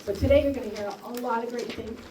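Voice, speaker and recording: A woman speaking at a school library ceremony, telling a lively anecdote and acting out the quoted dialogue. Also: on the high side, fast talker. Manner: storytelling, acts out quoted dialogue. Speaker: school staff hosting a ceremony. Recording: echoey room from far off, faint noise.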